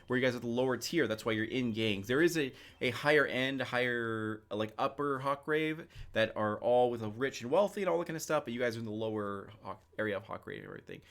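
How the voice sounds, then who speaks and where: A man's voice: mid-range voice, fast, hardly any pauses, fairly bright tone. A man narrating a tabletop role-playing game as game master, in a loose, rambling way with lots of fillers.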